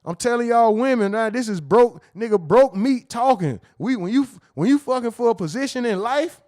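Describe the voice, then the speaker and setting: A man's voice: very high-pitched, lively intonation, moderate pace, hardly any pauses, darkish tone. A man hosting a livestream, reading the chat and riffing crudely, with loose joking talk and frequent laughter at his own slips. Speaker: livestream host.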